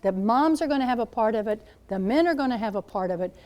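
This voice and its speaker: A woman in her seventies, a Catholic nun speaking to high school students as a guest speaker, telling stories in an animated way and acting out what people said. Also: fast. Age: 70s. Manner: animated storyteller, acts out quoted voices. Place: school gathering room.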